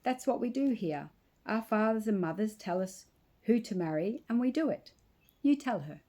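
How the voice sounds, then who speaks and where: A woman's voice: mid-range voice, expressive, moderate pace, dark tone, voice pushed up, close to an everyday voice. A woman voicing a young Greek village man, an earnest lovesick suitor who talks in a pleading, insistent way.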